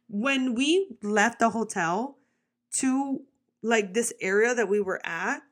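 A young adult woman telling a travel story to her viewers in a casual, animated way, swearing freely and filling her talk with "like.". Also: medium pitch. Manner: animated, profane, filler-heavy storytelling. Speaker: vlogger.

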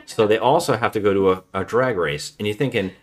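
A man hosting a podcast, casually retelling a movie plot in a rambling, relaxed way. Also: on the low side, fairly quick. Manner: rambling, relaxed storytelling with frequent restarts. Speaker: podcast host.

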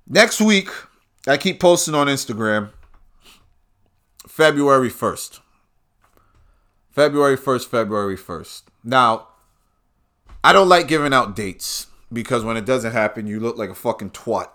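A man's voice: mid-range voice, lively intonation, moderate pace, pushed and bright. A man hosting a podcast and ranting in a crude, combative way, swearing freely. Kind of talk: profane rant.

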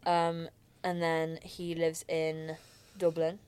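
A woman's voice: deep voice, completely flat delivery, slow, darkish tone, smooth. A young woman, hosting a podcast and telling a rambling story full of fillers and laughs. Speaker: podcast host. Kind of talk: casual chat.

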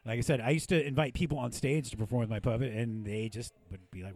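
A man's voice: mid-range voice, quick pace, hardly any pauses, a little mellow, no echo. A man who hosts a podcast, telling profane stories in casual chat and laughing often. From Mexican-American from San Diego. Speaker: podcast host and puppeteer. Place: podcast studio.

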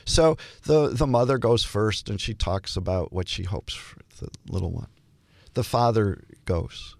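An older man, a hospital chaplain, telling stories in an interview and acting out the dialogue with lively shifts in voice. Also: on the low side, a little slow, gravelly, dry recording. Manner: animated storyteller, acts out dialogue. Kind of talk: storytelling interview.

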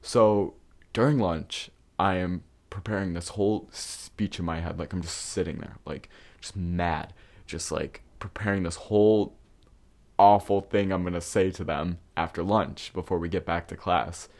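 A man's voice: low-pitched, fairly even intonation, measured pace, darkish tone. A young man hosting a podcast, telling stories from his past in a candid, casual way, swearing freely and using plenty of fillers. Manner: candid and profane, with frequent fillers. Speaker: podcast host. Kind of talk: casual storytelling.

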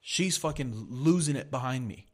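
A man's voice: mid-range voice, animated, normal speed, darkish tone. A man hosting a podcast, telling a heated, profanity-filled story in a casual rant. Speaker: podcast host.

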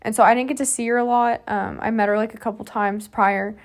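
A woman in her twenties hosting a podcast, telling a personal story in a soft, halting way with many fillers. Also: on the high side, fairly even intonation. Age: 20s. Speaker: podcast host.

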